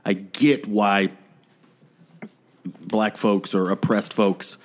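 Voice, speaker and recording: Low-voiced man musing with many fillers. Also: flat delivery, very slow. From United States. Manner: rambling, hesitant, many fillers and restarts. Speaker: podcast co-host. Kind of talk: casual conversation.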